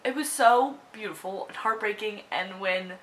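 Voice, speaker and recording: A woman's voice: medium pitch, normal speed, fairly bright tone, a little hiss or hum, rough recording. Tearful young woman gushing about a film. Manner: emotional, gushing, many fillers and restarts. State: tearful, on the verge of crying. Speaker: book vlogger. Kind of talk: casual movie review vlog.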